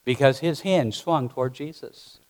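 A man's voice: medium pitch, moderate pace. A man preaching a sermon, telling the story dramatically and acting out the scenes himself.

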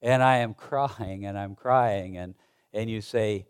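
A pastor preaches with a fairly low, clean-toned voice, speaking in a halting, conversational manner full of restarts. He reads old-fashioned scripture aloud during the sermon.

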